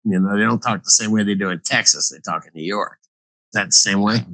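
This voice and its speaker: A man's voice: on the low side, fairly quick, sharp tone, dry recording, low-quality recording. A man co-hosting a casual chat, joking and bantering.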